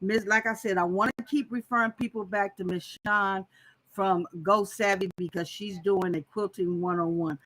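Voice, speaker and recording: A woman's voice: mid-range voice, fairly even intonation, moderate pace, fairly bright tone, rough recording. A woman hosting a casual live-stream quilting tutorial, chatting straight to her viewers as she goes.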